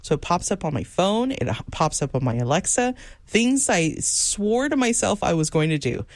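A woman co-hosting a radio talk show, telling everyday stories with easy laughter. Her pitch swings widely and lively, and the studio sound is close and dry. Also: normal speed, no room sound. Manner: laughs often, animated storytelling. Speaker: radio co-host. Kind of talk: casual on-air chat.

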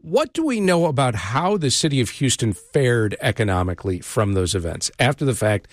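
A man hosting a public radio interview show, speaking in a measured way with frequent "uh" pauses into a studio microphone. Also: medium pitch, big pitch swings, no room sound. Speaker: radio talk show host.

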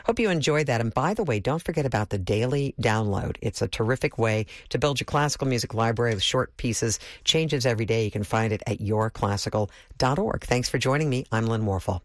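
A man's voice: mid-range voice, brisk, hardly any pauses, no echo, clean studio sound. A man hosting a classical music radio station, announcing pieces in an easygoing, slightly musing way.

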